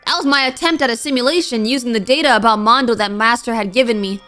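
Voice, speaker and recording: A woman voicing a gentle, polite AI program in a video game, reading its lines aloud over soft game music. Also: on the high side, fast, lightly acted. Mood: earnest. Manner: polite, analytical.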